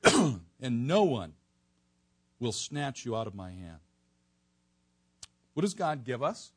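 Man, preacher, sermon, husky, very lively pitch, loud emphatic peaks. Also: takes it slowly. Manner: animated, swings from soft to near-shouting for emphasis. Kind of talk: expository sermon.

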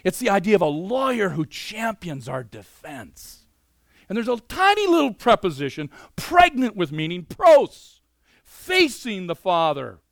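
A man preaching a sermon, animated and conversational, moving between loud emphasis and quiet asides. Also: high-pitched, a little slow, vocal fry, no room sound, studio quality. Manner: conversational, many "you know" fillers.

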